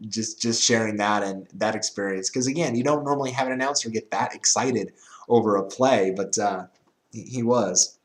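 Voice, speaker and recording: A young man talks through his season highlights in a loose, rambling monologue. He stumbles over repeated words and keeps breaking into laughter. His voice sits at an ordinary middle pitch for a man. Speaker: fantasy football show host. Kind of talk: casual monologue.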